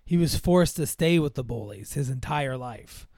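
A man's voice: medium pitch, expressive, normal speed, a little mellow, no room sound, studio quality. A man in casual chat recapping a film's plot, rambling with lots of fillers and acting out the characters' lines.

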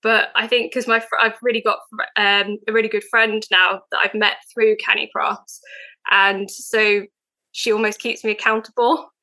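A woman's voice: mid-range voice, flat delivery, moderate pace, pushed and bright, poor audio. A young woman, a podcast guest chatting eagerly with lots of fillers. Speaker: guest, veterinary nurse. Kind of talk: casual podcast chat.

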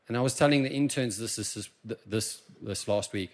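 A South African man preaching a sermon in church, impassioned and swinging from quiet asides to loud emphasis. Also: mid-range voice, brisk, hardly any pauses. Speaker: pastor.

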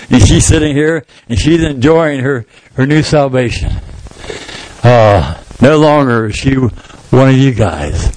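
A man's voice: a little high, expressive, normal speed, darkish tone, no echo, rough recording. A male pastor preaching a sermon, telling a story and acting out the people in it in different voices. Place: church sanctuary.

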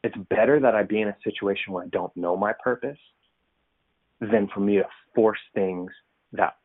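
A man's voice: on the low side, moderate pace, dry recording. A man preaching a casual, conversational sermon, loose and self-deprecating, with lots of fillers. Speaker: pastor. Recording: tinny phone-like dry sound.

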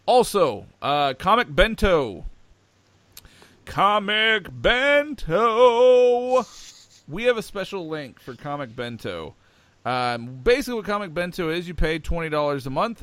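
A man's voice: on the high side, big pitch swings, fairly quick, a bit bright, no echo. A man co-hosting a podcast, chatting casually and with enthusiasm, rambling with lots of fillers. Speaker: podcast co-host.

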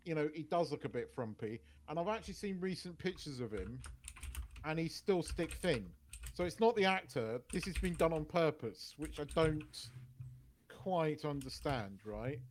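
A man co-hosting a casual pop culture podcast, talking in a halting way with many restarts. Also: a little high, lively intonation, a little hiss or hum. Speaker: podcast co-host. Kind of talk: casual chat.

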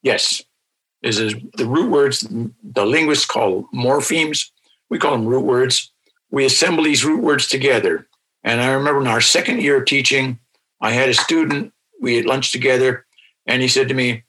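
A man answers interview questions as a language teacher, walking through his points patiently and repeating example words. His voice is bright and forward, with a slightly husky edge. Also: mid-range voice, moderate pace, rough recording.

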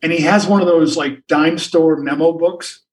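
A man's voice: fairly high pitch, steady tone, moderate pace, recorded from a distance, a little hiss or hum, poor audio. An older man, a sportswriter guest, telling stories in a rambling way with many restarts and asides. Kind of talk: anecdotal storytelling in a podcast interview.

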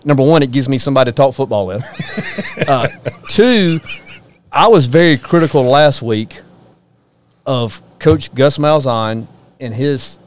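A man's voice: mid-range voice, expressive, a little slow, a little hiss or hum. A man hosting a casual sports talk show, folksy and opinionated, ribbing his guests.

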